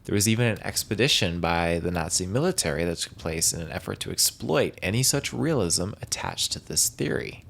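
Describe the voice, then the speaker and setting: A man with a low, gravelly, slightly bright voice hosts a solo podcast, talking a little fast and expressively with hardly any pauses. He rambles casually, restarting often and using hedging words, over a faint hiss or hum.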